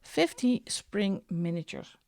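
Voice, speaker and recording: A middle-aged woman hosting a coloring channel, chatting casually as she shows her books, with soft asides now and then. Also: medium pitch, sing-song, slight background noise. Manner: chatty, slow and unhurried, drops into soft asides. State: out of breath. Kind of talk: casual show-and-tell vlog.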